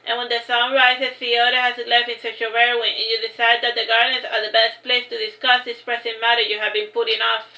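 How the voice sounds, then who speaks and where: A woman reading a fantasy novel aloud in a steady, plain way, with small slips now and then. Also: fairly high pitch, a little fast, hardly any pauses. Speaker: narrator. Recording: roomy echo.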